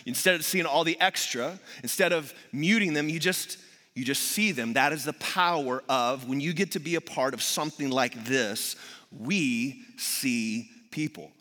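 Bright preaching man in a big echoing hall. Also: mid-range voice, unhurried. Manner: energetic storytelling with acted quotes and humor. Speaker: pastor. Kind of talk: sermon.

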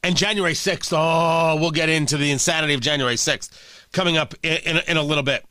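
A man's voice: on the high side, fairly even intonation, a little fast, bright, forceful tone, no echo. A man hosting a political commentary show, combative and sarcastic in delivery. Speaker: host.

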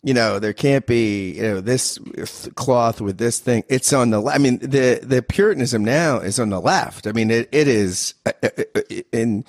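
A man hosting a casual interview, pushing back with quick questions and frequent restarts. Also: medium pitch, no echo, clean studio sound. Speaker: interviewer host.

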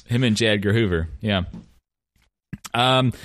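A man's voice: mid-range voice, big pitch swings, unhurried, fairly bright tone, no echo, clean studio sound. A man co-hosting a casual, comedic music chat, joking and laughing often. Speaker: podcast co-host.

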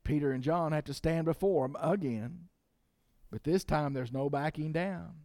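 A man's voice: a little high, normal speed, gravelly, warm tone, dry recording, clean studio sound. A man preaching a sermon as pastor, emphatic and repeating key lines for the congregation to say with him.

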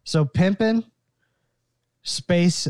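A man co-hosting a music podcast in a relaxed, jokey way. He talks slowly and draws words out, in a slightly high voice. The sound is dry and close. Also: smooth, no room sound. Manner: relaxed, jokey, drawn-out delivery. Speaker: podcast co-host. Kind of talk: casual chat.

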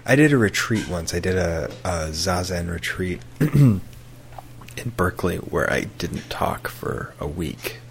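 Deep-voiced easygoing man. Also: sing-song, a little slow, creaky, a little hiss or hum. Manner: easygoing, rambling storyteller. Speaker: podcast co-host. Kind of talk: casual chat.

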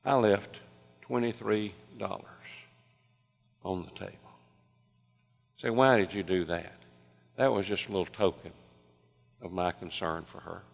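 A man preaching a sermon, telling a story with lively swings between loud excitement and soft hushed tones. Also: deep voice, a little slow, gravelly, pauses often, faint music behind. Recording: long reverb of a large hall.

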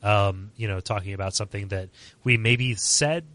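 A man's voice: fairly low pitch, moderate pace, fairly bright tone, no room sound. A man co-hosting a game podcast, reading listener mail and chatting animatedly, laughing often. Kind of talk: casual chat.

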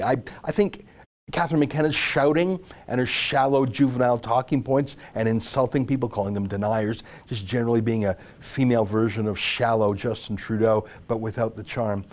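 A man's voice: medium pitch, darkish tone. A man hosting a political commentary segment, speaking in a sarcastic, mocking way. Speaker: commentary show host.

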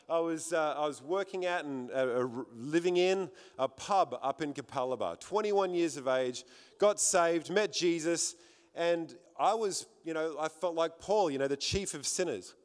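Australian male preacher, middle-aged, earnest testimony style, slightly high voice, long hall echo. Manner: earnest, conversational, repeats phrases for emphasis. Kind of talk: sermon with personal testimony.

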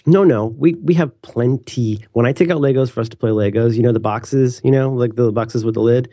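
Podcast co-host, man in his 30s, rapid rambling chat, dark mellow voice. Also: mid-range voice, no echo, clean studio sound. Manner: rambling, self-interrupting, animated. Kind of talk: casual chat.

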